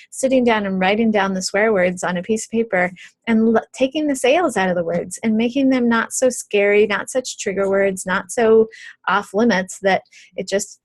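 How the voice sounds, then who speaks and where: A middle-aged woman, an early childhood educator, walks parents through a video tutorial step by step. She talks in a relaxed, conversational way, with plenty of ums and small restarts. Her voice sits at an everyday middle pitch and sounds close and dry, with no room around it. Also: dry recording.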